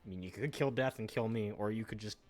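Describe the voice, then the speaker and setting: A man's voice: lowish voice, fast talker, darkish tone. A man chatting casually while playing a card game on a stream, joking and cursing, sometimes humming and beeping to himself. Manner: swearing, joking, hums and beeps to himself. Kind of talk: casual game-night banter. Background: faint music.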